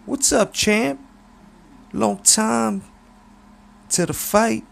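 A man voicing a smooth-talking, cocky male hustler with a high, slangy street voice and a swaggering manner. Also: drawn-out words, heavily acted.

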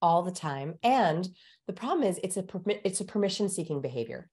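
Woman vocal coach, lowish voice, teaching step by step, calm and clear. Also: a little fast. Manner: instructive, demonstrates vocal tones. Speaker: communication expert guest. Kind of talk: explanatory coaching talk.

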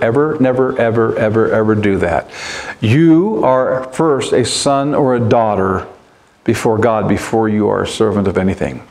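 A man's voice: mid-range voice, darkish tone. A man preaching a sermon as pastor in a church, earnest and emphatic, repeating his key points.

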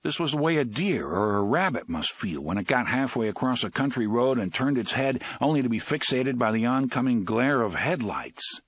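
Husky-voiced man reading an audiobook. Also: medium pitch, lively intonation, moderate pace, hardly any pauses, dry recording. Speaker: audiobook narrator. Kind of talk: audiobook narration.

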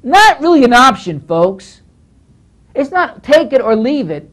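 A man's voice: very high voice, sing-song, a little slow, a bit bright. A male pastor giving a Bible teaching lecture, emphatic and scolding, who often repeats phrases as he works through the text.

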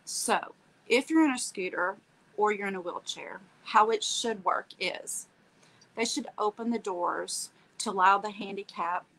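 A woman's voice: mid-range voice, unhurried, low-quality recording. A woman telling a personal story with feeling, acting out the dialogue and often checking in with "okay?". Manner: animated, acts out quoted dialogue, tags lines with "okay?". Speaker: guest telling her story.

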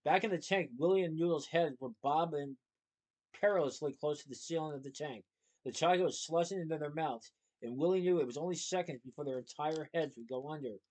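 A man's voice: on the high side, brisk, a little mellow, poor audio. Man reading a children's novel aloud. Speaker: storybook reader.

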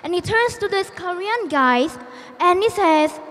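A young woman from Vietnam with a Vietnamese accent gives a prepared contest speech. She tells a story in a measured, deliberate way and poses questions to the audience. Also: very high-pitched, a bit bright, in a large hall.

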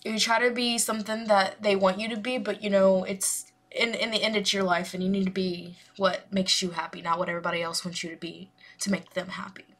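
A young woman talks through a music video in a loose, rambling way, full of ums and restarts. Her voice sits at a middle pitch for a woman. She gushes openly as she reacts. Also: fairly bright tone. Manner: rambling and gushing, many fillers. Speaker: music reaction channel host. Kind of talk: casual reaction commentary.

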